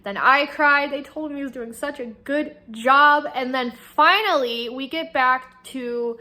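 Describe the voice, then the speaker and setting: A woman vlogger chatting casually about the books she is reading. She gushes excitedly and swears freely. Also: sits high, unhurried. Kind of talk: casual book-reaction chat.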